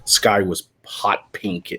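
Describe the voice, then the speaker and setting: A man hosting a live stream, chatting casually and telling animated, profanity-filled stories. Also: fairly low pitch, extremely slow, breathy edge. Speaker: stream host. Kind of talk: casual chat.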